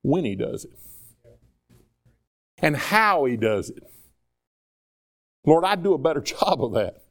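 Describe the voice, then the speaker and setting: A man's voice: on the high side, sing-song, slow. A man preaching a sermon in a conversational way, acting out dialogue between people and God. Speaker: pastor.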